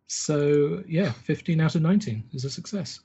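Guy playing a tabletop game, bit high husky voice, mellow tone, lo-fi. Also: normal speed. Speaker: player. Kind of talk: tabletop role-play. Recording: muffled lo-fi audio.

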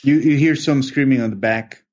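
A man running a tabletop horror game as game master, narrating slowly with many fillers and pauses. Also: medium pitch, a little mellow. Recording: dull lo-fi online voice chat.

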